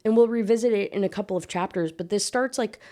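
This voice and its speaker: A woman's voice: medium pitch, fast, warm tone. A woman and book reviewer giving a casual, chatty and sarcastic recap of a novel, full of filler words.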